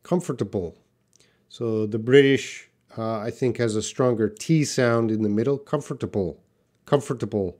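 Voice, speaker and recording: A man teaching English in a live question-and-answer class, explaining patiently and repeating words slowly for learners. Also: mid-range voice, steady tone, a little mellow.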